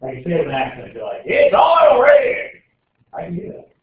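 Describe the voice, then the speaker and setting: A man's voice: medium pitch, lively intonation, racing. A man teaching a chemistry class in a casual, joking way, rambling with lots of filler words. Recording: echoey room over a tinny, phone-like line.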